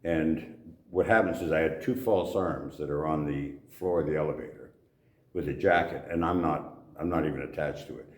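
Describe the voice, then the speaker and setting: Deep-voiced older man, gruff storyteller. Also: moderate pace. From Canada. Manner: gruff, swears casually, laughs at own stories. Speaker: actor guest. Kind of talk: anecdotal interview storytelling. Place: convention venue indoors. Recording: echoey convention room.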